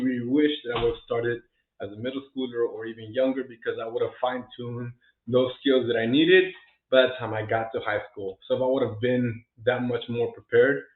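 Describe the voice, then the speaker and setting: Earnest man, tinny echoey audio. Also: mid-range voice. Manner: earnest, encouraging, many fillers and restarts. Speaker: realtor vlogger. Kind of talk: casual vlog talk to camera. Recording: echoey room, tinny phone-like sound.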